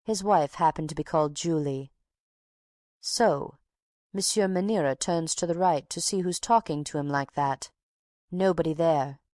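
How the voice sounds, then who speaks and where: A woman's voice: low-pitched, moderate pace, mellow, no echo, studio quality, lightly acted. A woman reading an audiobook, voicing a talkative older woman box-keeper who tells her tale with drama and takes offence easily. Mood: gossiping. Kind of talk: audiobook character voice.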